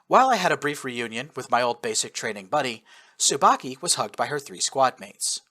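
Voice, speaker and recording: An expressive man reads a first-person war tale aloud with lively storytelling. His voice is bright and forward, and his pitch moves freely over a wide range. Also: moderate pace. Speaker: narrator. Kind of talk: first-person audiobook narration of fan fiction.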